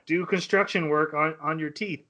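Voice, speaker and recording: A man hosting a casual podcast, eagerly recapping an anime's plot and acting out quick bits of dialogue. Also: a little high. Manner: excited recapping with quick acted-out quotes. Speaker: podcast host.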